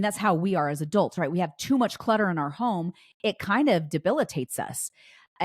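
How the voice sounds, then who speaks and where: A woman's voice: on the low side, a little mellow, no echo, clean studio sound. A woman hosting a podcast, chatting casually through a story with frequent restarts and fillers. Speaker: podcast host.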